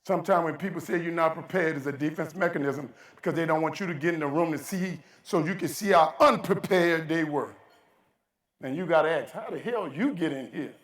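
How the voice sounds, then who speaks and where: A man's voice: fairly high pitch, a little fast, fairly bright tone, far from the mic. A man giving a motivational keynote speech, telling stories in a folksy, emphatic way and acting out the dialogue. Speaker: keynote speaker. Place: large conference hall. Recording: roomy hall, voice from off-mic.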